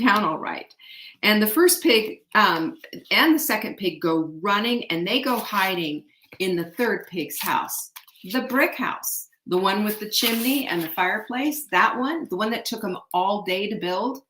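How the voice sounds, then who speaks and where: A woman hosting a show, retelling an old folk tale in an animated, chatty way and often asking the audience to guess what happens next. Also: mid-range voice, unhurried, a little hiss or hum. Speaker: show host. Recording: echoey room.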